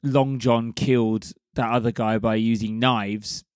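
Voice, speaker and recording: A man in casual conversation about a book, talking things through in an easy, explanatory way at a mid pitch. The sound is close and dry. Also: fairly even intonation, a little slow, no echo. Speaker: discussion participant.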